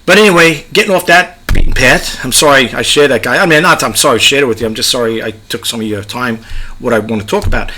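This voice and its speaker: A man's voice: medium pitch, quick pace, sharp tone. A middle-aged man with a New York accent, giving chatty, rambling advice as a YouTube creator and often repeating himself. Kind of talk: casual advice monologue.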